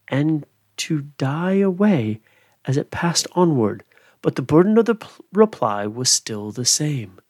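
A man hosting a podcast, giving a slow, expressive reading of a Victorian ghost story. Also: mid-range voice, no echo, studio quality. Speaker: podcast host.

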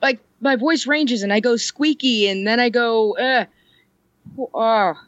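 A woman imitating a flustered man who is hearing his own recorded voice, in a shrill, exclaiming voice. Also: a little slow, no room sound, dull audio, natural voice. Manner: shrill, exclaiming, pitched high.

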